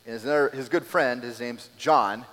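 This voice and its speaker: A man preaching a sermon as a pastor, telling the scene in a lively way and acting out the people in it. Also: medium pitch, moderate pace, big-room sound. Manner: animated storytelling, acting out scenes.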